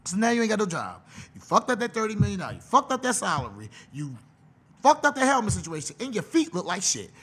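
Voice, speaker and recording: Animated high-voiced man ranting comically. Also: quick pace, husky. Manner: animated, profane, mocking. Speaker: podcast host. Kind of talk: comedic rant.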